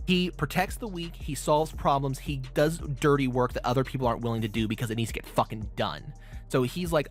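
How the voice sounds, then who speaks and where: A man's voice: mid-range voice, brisk, faint music behind. Profane man hosting a casual podcast. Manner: profane, animated recapping. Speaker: podcast host.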